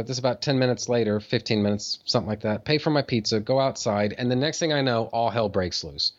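A man telling a long story in casual chat, rambling with many fillers and restarts, and swearing freely. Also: medium pitch. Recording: dull lo-fi audio.

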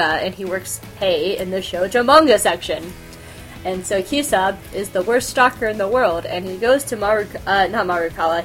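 Giggly, gushing woman podcast host. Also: medium pitch. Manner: excitable, giggly, gushing fangirl. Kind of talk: casual anime review chat.

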